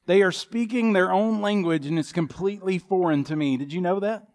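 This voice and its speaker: A man's voice: high voice, a little fast, darkish tone. A man in his fifties preaching a sermon in a folksy, humorous storytelling manner. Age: 50s. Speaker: pastor.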